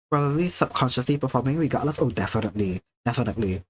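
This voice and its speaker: A young man from Singapore with a Singaporean accent, chatting casually on a livestream with careful, precise enunciation and a projected presenter's delivery. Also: medium pitch. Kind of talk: casual chat while drawing, answering chat.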